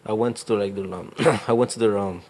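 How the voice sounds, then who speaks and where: A man's voice: lowish voice, fairly even intonation, brisk, a little mellow. Young man, real estate agent, casual interview, rambling, slangy, filler-heavy. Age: young adult.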